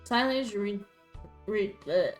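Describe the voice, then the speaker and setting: Woman gaming streamer, reads story text aloud, loud cursing outbursts, mid-pitched voice, faint music behind. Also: slow. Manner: loud, profane, excitable outbursts between plain reading. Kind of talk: reading a story game aloud with reactions.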